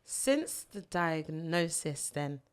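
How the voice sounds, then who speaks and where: A woman's voice: low-pitched, big pitch swings, slow pace, clean tone. A woman from Nigeria co-hosting a podcast, chatting in a reflective, heartfelt way and laughing easily. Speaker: podcast co-host. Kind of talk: casual heartfelt chat.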